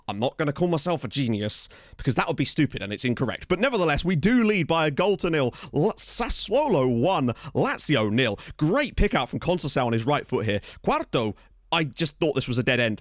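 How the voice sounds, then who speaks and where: A man running through a football management game at a quick clip. His pitch leaps up and down as he jokes around and yells when the big moments land. The recording is dry and close, with no room sound. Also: no echo. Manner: excitable, jokey, shouts at goals. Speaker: gaming YouTuber. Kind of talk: let's play commentary.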